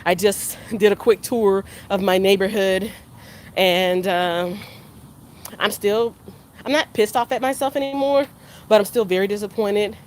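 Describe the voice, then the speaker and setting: A woman records a casual vlog on a walk around her neighborhood, her voice at an ordinary middle pitch. She rambles, circles back and repeats herself as she candidly criticizes herself. Faint outdoor ambience sits behind her. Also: steady tone, unhurried, a little hiss or hum. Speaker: vlogger.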